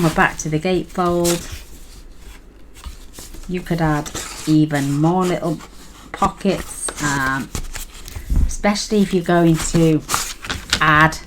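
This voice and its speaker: Chatty middle-aged craft host, deep for a woman, casual and rambling, noisy tabletop sounds behind. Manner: chatty, rambling, thinks aloud with fillers. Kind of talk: casual craft tutorial chat.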